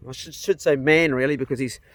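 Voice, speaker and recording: A middle-aged New Zealand man, a vlogger and hunter, chats casually outdoors on his farm and talks to his dogs. His mid-range voice moves briskly with fairly even intonation, and his manner is folksy and rambling.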